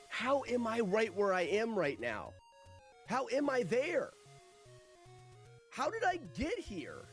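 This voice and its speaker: Male streamer with lively pitch over faint music, quick joking play-by-play with cursing. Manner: animated, joking, swears at the game. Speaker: streamer playing a retro game. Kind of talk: live-stream gaming commentary.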